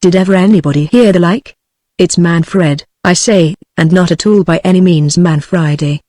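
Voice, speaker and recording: A woman's voice: lowish voice, moderate pace, no room sound, studio quality, lightly acted. A text-to-speech woman's voice with a British English accent, reading out a bossy, peremptory young lady. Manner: flat synthetic reading.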